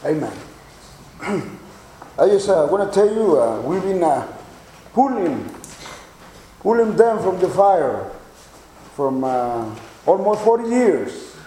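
Older man, Mexican accent, high but mellow voice, halting preacher testimony in an echoey church. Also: very animated, a little hiss or hum. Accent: Mexican Spanish. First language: Spanish. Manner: halting, many repeated words and fillers, chuckles.

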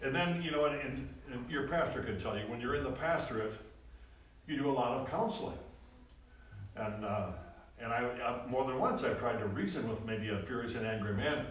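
A man preaching a sermon to a congregation, folksy and animated, repeating phrases for emphasis. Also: medium pitch, a little fast. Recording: roomy echo, distant from the mic.

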